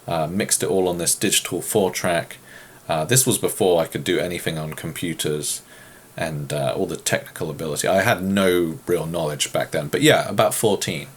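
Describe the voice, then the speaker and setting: A man's voice: low voice, breathy edge. A man from England with an English accent, chatting casually as he answers viewer questions, joking and self-deprecating. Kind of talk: casual Q and A chat.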